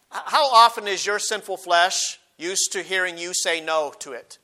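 A man with a high, bright voice preaches a sermon. He reads old scripture verses and presses his points by repeating them. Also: moderate pace. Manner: emphatic, repeats key phrases, quotes King James scripture.

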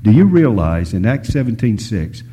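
A male preacher delivers a sermon in a low, husky voice with a dark, mellow tone. He swings from loud, emphatic lines to hushed whispers and draws the listeners in with stories and questions. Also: big pitch swings, moderate pace. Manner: storytelling, asks the audience questions.

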